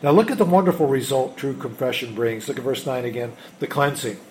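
A man preaching a sermon as a pastor, emphatic, swinging between loud urgency and hushed intensity. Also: medium pitch, lively intonation, brisk, a little hiss or hum.

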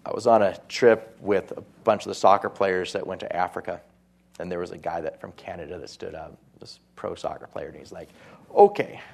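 A pastor preaching a sermon in a conversational way, with asides and quoted voices. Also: male voice, deep voice, fairly even intonation, brisk, vocal fry.

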